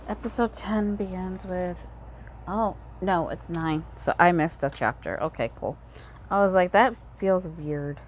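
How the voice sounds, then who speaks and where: A woman's voice: on the low side, unhurried, slight background noise. Chatty woman reading a game story. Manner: chatty, self-deprecating asides. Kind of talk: casual commentary while reading game text.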